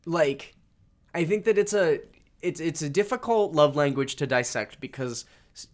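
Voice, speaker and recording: A man's voice: a little high, lively intonation. Laughing man thinking aloud. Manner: laughs often, thinks aloud with many pauses. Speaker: podcast co-host. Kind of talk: casual chat.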